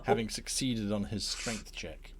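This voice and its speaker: A man's voice: lowish voice, a little slow, breathy edge. A man narrating as game master for a tabletop game, playful and chuckling as he tells the story.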